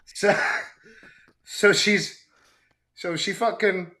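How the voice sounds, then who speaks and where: A middle-aged man tells a story in a casual interview, his voice bright and forward. He throws himself into quotes, jumping high and low in pitch as he acts out each person. He is animated and loose. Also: slow, long pauses, a little hiss or hum. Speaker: actor guest.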